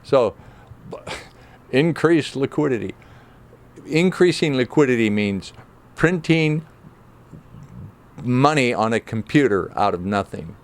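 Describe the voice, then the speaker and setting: Sarkastyczny mężczyzna komentujący ekonomię. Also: male voice, mid-range voice, expressive, slow, long pauses. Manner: sarcastic, skeptical. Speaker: remote viewing group member. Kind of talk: explanatory commentary reading from an article.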